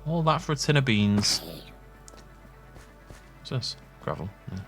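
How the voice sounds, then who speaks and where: Young guy chatting over his game, lively up and down voice, bit of quiet music behind. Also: mid-range voice, a little slow. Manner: chatty, self-mocking, laughs often. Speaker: gaming YouTuber. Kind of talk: rambling gameplay commentary.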